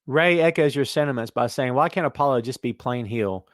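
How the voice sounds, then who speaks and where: A man hosting a casual wrestling podcast, talking in an animated way and reading listener comments aloud. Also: mid-range voice, brisk, dry recording, clean studio sound. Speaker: podcast host.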